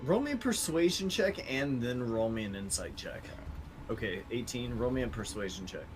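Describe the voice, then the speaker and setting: A man's voice: medium pitch, expressive, normal speed, over music, rough recording. A man narrating as game master of a tabletop game, casual and swearing freely.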